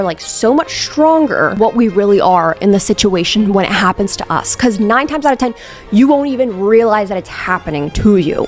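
A young woman hosting a casual commentary vlog, talking candidly and emphatically and swearing freely. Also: mid-range voice. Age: young adult. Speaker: commentary YouTuber.

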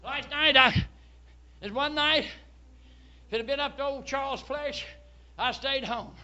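A man, preaching a fervent sermon and often shouting hallelujah. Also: extremely high pitch, takes it slowly, muffled recording. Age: 70s. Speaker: pastor.

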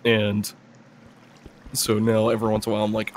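A young man in his early twenties talks loosely over a gaming session, cursing and laughing as he rambles. His voice sits a little low. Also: monotone, fairly quick, a little hiss or hum. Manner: rambling, swears, laughs often. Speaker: gameplay video player. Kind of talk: casual gameplay chat.

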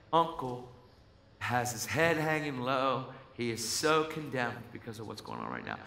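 A man preaching a sermon, telling a story with acted-out voices and building to shouts. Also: medium pitch, vocal fry. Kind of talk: sermon testimony. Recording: echoey hall with faint music.

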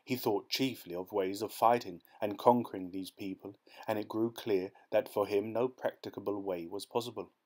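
A man narrating a classic short story as an audiobook, reading in a steady, measured way. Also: fairly low pitch. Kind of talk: scripted narration.

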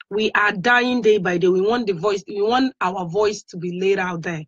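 Nigerian female vlogger, breathy voice, dry muffled phone audio, begging tone throughout. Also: medium pitch, normal speed, few pauses, no echo. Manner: pleading, repetitive, mixing English with Igbo phrases. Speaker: online activist vlogger. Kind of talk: emotional direct-to-camera appeal.

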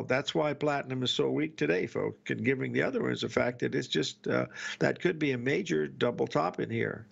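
A man's voice: medium pitch, vocal fry, muffled recording. An older man hosting a trading show, chatting casually and rambling, repeating words and calling his listeners folks. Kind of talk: casual market commentary and storytelling.

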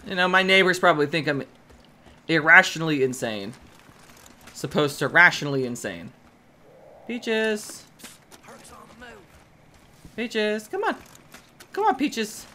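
A woman casually commenting as she plays a video game, chatty and excitable, shrieking at sudden scares and coaxing a pet in baby talk. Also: lowish voice, takes it slowly, long pauses, slight background noise. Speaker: gaming video host. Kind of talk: casual let's-play commentary.

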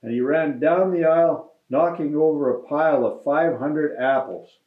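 A man reading a children's picture book aloud to students in a deliberate storytelling manner. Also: fairly high pitch. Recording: roomy, slightly dull recording.

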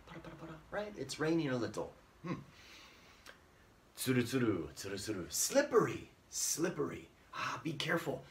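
A man's voice: medium pitch, far from the mic. A man teaching English to Japanese learners in an online lesson, acting out sounds playfully and mixing in Japanese words.

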